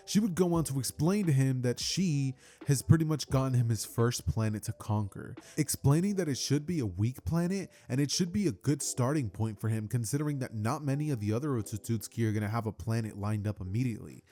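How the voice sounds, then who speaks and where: A man's voice: mid-range voice, dark tone. A man hosting his channel, telling a what-if fan story in a casual, rambling way full of fillers. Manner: chatty, many fillers like "like" and "kinda".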